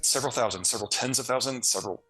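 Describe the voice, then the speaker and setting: A man's voice: mid-range voice, rapid-fire, sharp tone, soft background music. A man from the United States, a guest analyst, answering interview questions in a blunt, fluent way with casual asides.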